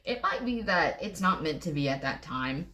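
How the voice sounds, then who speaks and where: A woman's voice: low-pitched, very animated, moderate pace, pushed and bright. A woman giving a casual pick-a-card tarot reading, chatty and playful, blunt and swearing freely, often laughing at her own remarks. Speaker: tarot reader.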